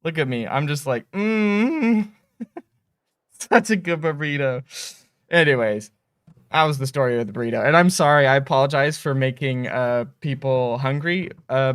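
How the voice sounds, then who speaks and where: A man hosting a game studio's livestream, telling stories in a rambling, animated way on a close mic. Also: medium pitch, fairly quick, no echo. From United States. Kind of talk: casual livestream chat.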